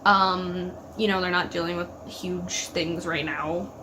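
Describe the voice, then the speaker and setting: Over background noise, a young woman speaks slowly in a lowish, steady voice. She's a TV reaction vlogger gushing about an episode in casual, emotional chat, leaning heavily on "like" and answering the screen directly.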